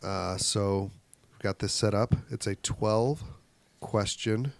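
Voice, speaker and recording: A man's voice: lowish voice, takes it slowly, gravelly, smooth, no room sound. A man co-hosting a podcast in casual chat, wry and rambling, often trailing off. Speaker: podcast co-host. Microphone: podcast mic without pop filter.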